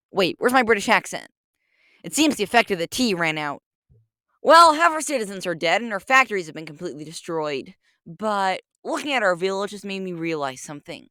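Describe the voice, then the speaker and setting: A woman narrating a comedic gameplay video in a deadpan, sarcastic way. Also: mid-range voice, brisk, no room sound, studio quality.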